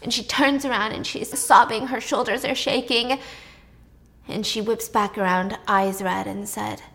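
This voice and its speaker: A woman's voice: on the high side, steady tone, measured pace, vocal fry, bright, forceful tone. A woman retelling a plot in a casual, chatty way, full of asides. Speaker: plot recapper. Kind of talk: casual storytelling recap.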